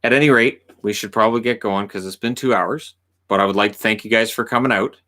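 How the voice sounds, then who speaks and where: A Canadian man hosting a casual live stream chat, relaxed and repeating his words as he talks. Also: on the low side, quick pace. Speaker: host.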